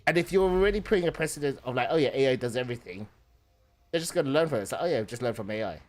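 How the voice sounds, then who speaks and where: A man chatting while he streams a video game, speaking casually with plenty of fillers and self-corrections. He drifts through his thoughts out loud and keeps checking in with his teammates. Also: medium pitch, animated, racing. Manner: rambling, lots of fillers and restarts. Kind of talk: casual chat while gaming.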